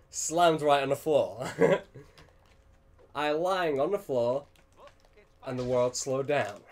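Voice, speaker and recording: A young man telling a funny childhood anecdote with lots of laughter. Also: medium pitch. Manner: animated storytelling with frequent laughter. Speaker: let's play host. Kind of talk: casual anecdote.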